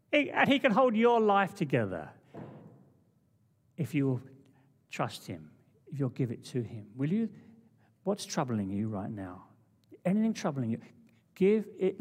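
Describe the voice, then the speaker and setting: A man preaching a sermon with passion, swinging from loud declarations to hushed, intimate asides. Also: a little high, sing-song, moderate pace, pauses often, breathy edge, long reverb tail.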